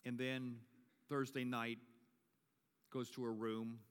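A man's voice: mid-range voice, level tone, slow pace, clear, resonant tone. A male pastor giving a sermon and leading communion. He builds to emphatic preaching and repeats his key phrases. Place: church sanctuary. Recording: long reverb of a large church.

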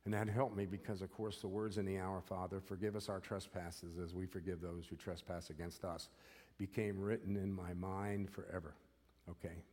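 A man's voice: deep voice, flat delivery, normal speed, a little mellow, in a large hall. An older man giving an earnest personal testimony, often repeating himself and checking in with "okay?". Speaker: former prisoner giving testimony.

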